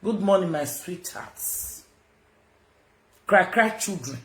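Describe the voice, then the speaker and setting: A woman's voice: on the low side, expressive, slow, a bit bright. A confrontational Nigerian woman on a livestream rant, her voice leaping up and down as she talks. She mixes Pidgin into her speech. The room echoes around her. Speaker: social media personality.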